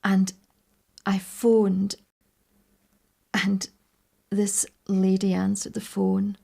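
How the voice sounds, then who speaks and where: An older woman with a Scottish accent, recalling in a measured, reflective way how she phoned a long-lost relative. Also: mid-range voice, little pitch movement, creaky, dark tone, slightly rough. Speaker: family searcher. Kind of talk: interview recollection.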